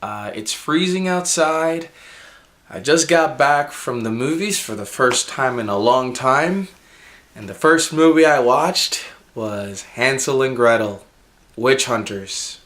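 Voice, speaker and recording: Slow-talking sick man reviewing a movie. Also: medium pitch, expressive, fairly bright tone. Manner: rambling with fillers and giggles. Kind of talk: casual vlog review.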